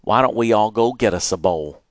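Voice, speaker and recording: A man voicing a rural father who reassures his family and neighbor, loud and carrying when he calls out. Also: fairly low pitch, lively intonation, moderate pace, no echo, clean studio sound, natural voice. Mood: gentle.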